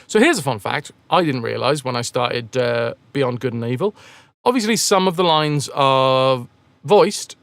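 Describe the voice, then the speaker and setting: A man's voice: medium pitch, lively intonation, measured pace, fairly bright tone, no echo. A man chatting casually on a game live stream, rambling and joking as he answers chat messages.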